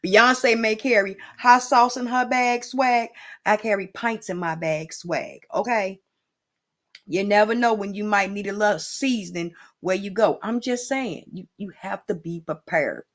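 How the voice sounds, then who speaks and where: A woman's voice: medium pitch, unhurried, fairly bright tone. A woman hosts an improvised comedy cooking show at a loose, meandering pace. She talks in a playful way and keeps turning to the viewer with chatty asides. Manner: rambling, playful and boozy-toned, with lots of asides to the viewer.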